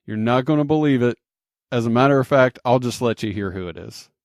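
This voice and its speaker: A male podcast host with a mid-pitched voice, asking his guest questions in a relaxed, easygoing way. The sound is close and dry, with no room around it. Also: a little fast, no echo. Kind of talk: casual interview.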